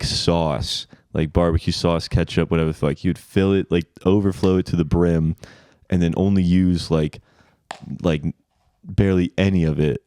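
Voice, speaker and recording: A young man with a low voice rambles through a story on a podcast, laughing between lines. The sound is dry and close to the mic, with no room around it. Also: warm tone, no room sound. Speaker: podcast co-host. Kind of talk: casual chat.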